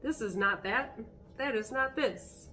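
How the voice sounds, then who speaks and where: A woman's voice: on the high side, animated, a little slow, bright, forceful tone, soft background music. A woman giving a spiritual card reading to her viewers, talking in an earnest, encouraging way with spontaneous asides. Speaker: tarot card reader.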